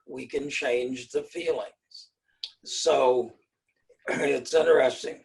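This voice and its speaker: Older man with a gravelly voice. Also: medium pitch, distant mic, low-quality recording. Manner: measured, often clears throat. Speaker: speaker on fear and self-mastery. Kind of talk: explanatory talk.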